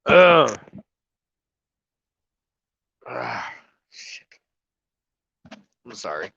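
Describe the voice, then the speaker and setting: A man's voice: mid-range voice, big pitch swings, extremely slow, gravelly, pushed and bright, husky, dry recording, highs cut off. A man live-streaming from his truck cab, crying and sniffling as he talks emotionally, swearing and apologizing. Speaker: trucker livestreamer. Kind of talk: casual live-stream talk.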